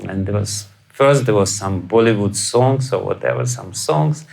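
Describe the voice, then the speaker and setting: A Russian-accented spiritual teacher lectures on scripture in a lecture hall, chuckling often, posing rhetorical questions, and acting out quoted voices with sudden loud outbursts. His voice is on the low side with vocal fry, at a moderate pace, and the recording is rough.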